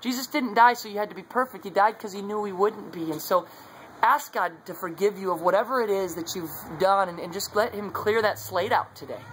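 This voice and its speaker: A man's voice: sits high, a little fast, a bit bright, a little hiss or hum, poor audio. A man sharing his faith in a casual devotional talk, earnest and conversational, recorded on a phone. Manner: earnest, conversational, many fillers.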